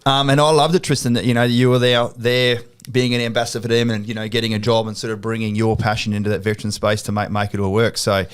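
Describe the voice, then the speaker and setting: A man's voice: on the low side, little pitch movement, fast, few pauses, clean tone. An Australian man hosting a podcast in a studio. He chats casually, swears freely and tells stories by acting out quoted exchanges. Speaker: podcast host. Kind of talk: casual interview chat.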